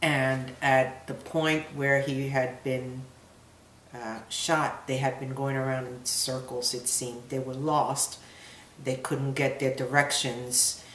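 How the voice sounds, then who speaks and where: A middle-aged woman, a soldier's mother, giving halting, emotional personal testimony in an interview. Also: extremely low pitch, flat delivery, a bit bright, a little hiss or hum. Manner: halting, searching for words, emotional. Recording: roomy echo.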